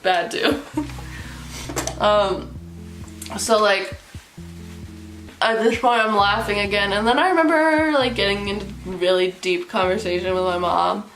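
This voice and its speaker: A young woman vlogger telling a story casually, animated and giggly, full of fillers. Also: medium pitch, measured pace, long pauses. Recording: roomy with faint music.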